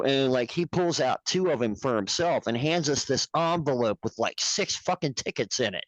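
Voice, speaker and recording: A man's voice: mid-range voice, animated, normal speed, hardly any pauses, dry recording, poor audio. Man, podcast guest, rambling anecdotes, swears freely, laughs at his own stories, dry close sound. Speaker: podcast guest, puppet show producer. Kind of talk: casual storytelling chat.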